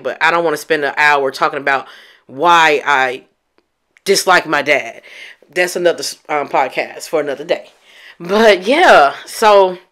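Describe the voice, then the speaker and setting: A woman's voice: lowish voice, fairly bright tone. A woman hosting a podcast, telling a personal story in a candid, emphatic way and addressing listeners directly. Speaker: podcast host.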